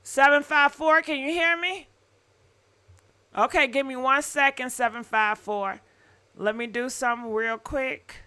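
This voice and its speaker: A woman's voice: high-pitched, steady tone, a little slow, bright, forceful tone, clean tone. A woman hosting a live call-in gossip show, chatty and apologetic, calling out to her callers. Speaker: host.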